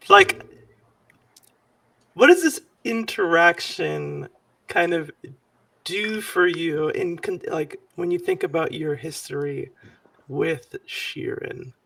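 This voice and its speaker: A man narrating a tabletop game as its game master, his voice swooping up and down with a gravelly edge. He talks slowly, halting often with fillers, and sounds set a bit back from the mic in a dry room. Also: on the high side, no room sound, far from the mic. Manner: animated, halting with many fillers.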